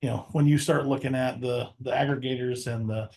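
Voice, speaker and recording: A man who leads an insurance agency, speaking as a guest in a relaxed podcast chat with stammering restarts. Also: medium pitch, fairly quick. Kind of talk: casual podcast conversation.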